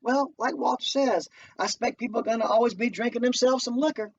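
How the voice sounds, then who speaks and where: A man's voice: very high voice, quick pace, vocal fry, voice pushed up. A man voicing a tired, anxious young wife. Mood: earnest. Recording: distant muffled home recording, faint noise.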